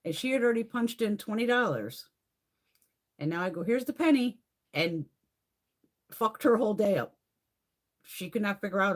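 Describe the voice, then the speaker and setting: A middle-aged woman hosting a casual live chat, telling stories in a profane, animated way and laughing often. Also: medium pitch, normal speed, long pauses. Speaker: livestream host.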